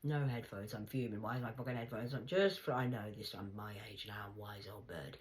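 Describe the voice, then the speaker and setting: A middle-aged Englishwoman talks straight to camera in a loose, rambling monologue. Her delivery is blunt and salty, full of swearing. She drops into lively put-on voices when she quotes people. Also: extremely low pitch, fairly quick, rough recording. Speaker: vlogger. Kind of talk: casual monologue storytelling.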